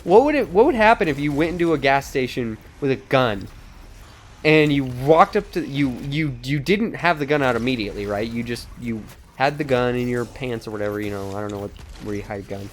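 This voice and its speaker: A man's voice: medium pitch, lively intonation, brisk, slight background noise. Brief: young guy, let's play co-host, loose rambling talk, frequent swearing and laughs. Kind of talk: casual gaming banter.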